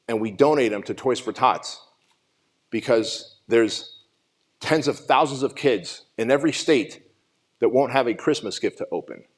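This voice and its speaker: A man in his forties from Armenia giving an emotional, profane motivational talk at a summit, telling his own story. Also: medium pitch. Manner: raw, emotional storytelling with frequent swearing. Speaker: summit speaker. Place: conference stage.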